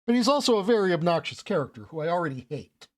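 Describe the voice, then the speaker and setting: A man's voice: high-pitched, sing-song, quick pace. A male streamer reading a game aloud, chatty and self-mocking, swearing as he comments.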